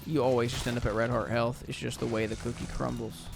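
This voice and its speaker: Music runs behind this gaming YouTuber, a young American man from the southern United States whose medium-pitched voice is creaky, quick, and shows little pitch movement. He rambles casually through a let's-play, leaning heavily on "like" and "um".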